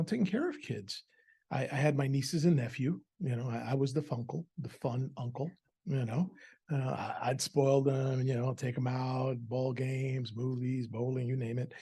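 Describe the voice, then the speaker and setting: A man's voice: medium pitch, mellow, breathy edge. A middle-aged adoptive father telling a personal story at a family event in a conversational way, with frequent fillers and repeated words.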